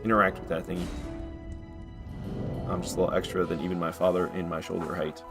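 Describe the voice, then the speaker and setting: Casual male streamer, lowish voice, jokey and talkative with chat, soft game music underneath. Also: level tone, quick pace. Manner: chatty, joking, often laughing and answering chat. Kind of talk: casual live-stream commentary. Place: at home.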